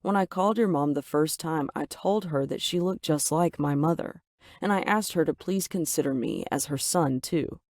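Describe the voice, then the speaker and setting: A woman voicing a gentle, affectionate young man in a storybook tale, speaking earnestly. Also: low-pitched, normal speed, dry recording, clean studio sound, lightly acted.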